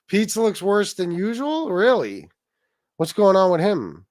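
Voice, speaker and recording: A man's voice: sits high, sing-song, moderate pace, darkish tone, no echo. A man hosting a casual livestream, rambling, swearing freely and reacting to chat comments. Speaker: livestream host.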